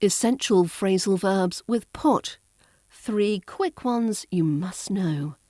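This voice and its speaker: A woman with a Received Pronunciation accent, teaching as an accent coach in a scripted podcast, crisp and lightly playful as she draws out her example words. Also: mid-range voice, expressive, slow pace, mellow. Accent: Southern English (RP).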